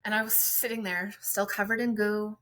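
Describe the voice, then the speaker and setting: A woman's voice: medium pitch, flat delivery, moderate pace, a bit bright, low-quality recording. A woman guest on a podcast, a friendly and chatty mother telling her own story in conversation.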